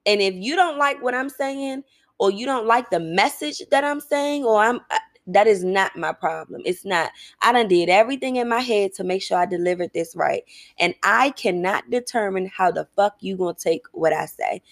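A woman's voice: mid-range voice, animated, moderate pace, no echo, studio quality. Blunt, profane woman ranting. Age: adult, getting older. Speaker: podcast host. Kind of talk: casual monologue.

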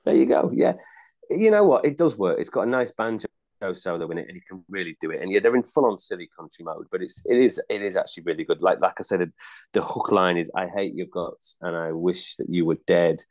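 A man's voice: sits low, big pitch swings, fast talker, a little mellow. A man co-hosting a casual album review podcast, chatty and hesitant, with many fillers and restarts. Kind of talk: casual chat.

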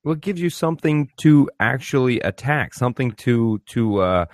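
A man's voice: mid-range voice, expressive, moderate pace, no room sound, clean studio sound. A man hosting a podcast, chiming in with agreeable, reflective comments during a casual interview. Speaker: podcast host.

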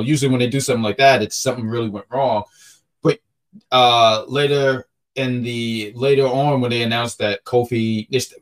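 A man co-hosting a wrestling podcast, excitable and quick to laugh, often stumbling over his words. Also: medium pitch. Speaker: podcast co-host. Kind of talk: casual wrestling chat.

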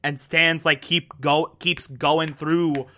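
A man's voice: on the high side, level tone, takes it slowly, pushed and bright. A man giving a passionate, casual recap of a TV episode, peppered with "like". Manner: passionate, lots of "like" fillers. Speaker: TV show reviewer.

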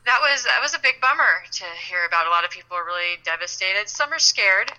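A woman's voice: medium pitch, animated, fast, sharp tone, rough recording. A woman co-hosting a podcast in casual chat, wry and rambling, often restarting her sentences. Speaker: podcast co-host.

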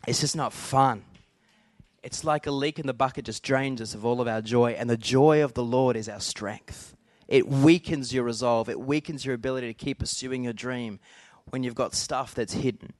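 A middle-aged man delivering a sermon, earnest and conversational, with asides to his congregation. His voice sits at an ordinary pitch for a man. The sound is close and dry, with almost no room echo. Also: steady tone, moderate pace. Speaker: pastor.

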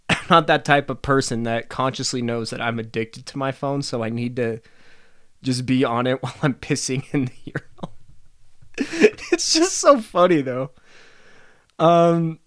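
A young man rants casually on his own podcast, wandering from tangent to tangent with plenty of profanity and laughter. His voice has a middling pitch and is recorded dry and close, with no room sound. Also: normal speed, a bit bright, clear, resonant tone, dry recording. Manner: rambling, profane, laughs often. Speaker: podcast host. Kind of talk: casual solo podcast rant.

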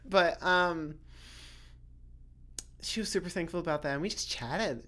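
At a normal speed with frequent pauses, a young woman with a lowish, fairly bright voice chats on her solo podcast. She rambles and swears freely, constantly restarting and leaning on "like" as she interrupts herself.

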